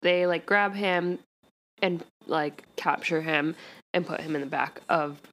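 A woman's voice: sits low, measured pace, fairly bright tone. A woman co-hosting a podcast, casually recapping a TV episode in a rambling way full of fillers. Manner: rambling, heavy use of "like". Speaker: podcast co-host.

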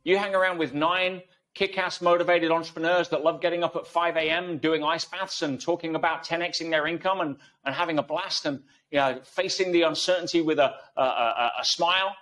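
A man's voice: a little high, steady tone, brisk, few pauses, a bit bright. A man speaking as an interview guest, making emphatic points with analogies and rhetorical questions. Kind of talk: conversational interview.

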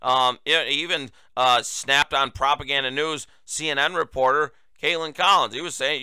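Indignant male host, tense crisp voice. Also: mid-range voice, steady tone, normal speed, few pauses, bright, forceful tone, no echo. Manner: indignant and sarcastic. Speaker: talk show host. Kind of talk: political commentary.

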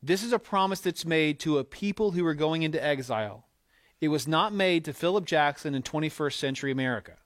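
A pastor preaching a conversational, emphatic sermon, often acting out quotes as asides to the congregation. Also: male voice, on the high side, expressive, brisk, no echo, studio quality.

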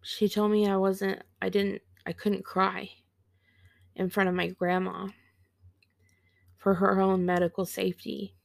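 A woman in her thirties hosting a podcast, telling a personal story in a slow, halting, reflective way and sounding teary. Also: medium pitch, monotone, gravelly, no room sound. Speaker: podcast host.

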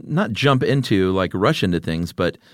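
A man's voice: low voice, lively intonation, moderate pace, no room sound, studio quality. A man co-hosting a podcast in a casual, teasing chat. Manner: joking, teasing. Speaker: podcast co-host.

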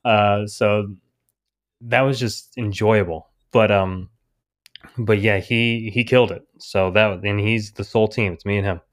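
A man, a guest on a podcast, telling a story in a rambling, animated way and quoting other people's words. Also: fairly low pitch, a little slow. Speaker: indie comic creator, guest. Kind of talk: casual storytelling interview.

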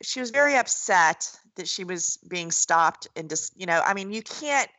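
A woman's voice: lowish voice, expressive, normal speed, bright, forceful tone, dry recording, low-quality recording. A woman co-hosting a podcast, chatting bluntly and retelling a TV show with lots of asides. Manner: blunt, chatty, retells scenes with quoted voices. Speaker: podcast co-host. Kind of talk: casual chat recapping a TV show.

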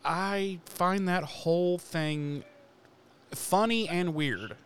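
Smooth-voiced man, casual swearing recap. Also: sits high, drawn-out words, fairly bright tone. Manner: profane, laughing storyteller. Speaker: podcast host.

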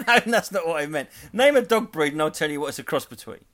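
Lively, joking man. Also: on the high side, a little fast. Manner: rambling, joking, animated. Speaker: podcast co-host. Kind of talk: casual chat.

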